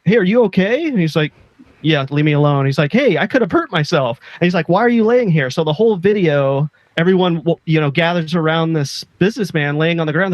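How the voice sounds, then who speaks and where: This is a man co-hosting a relaxed podcast chat. His voice sits a bit higher than most men's and has no room echo at all. He retells stories with eager energy and acts out the lines people say. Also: muffled recording. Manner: enthusiastic storytelling, acting out quoted lines. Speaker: podcast co-host. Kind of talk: casual chat.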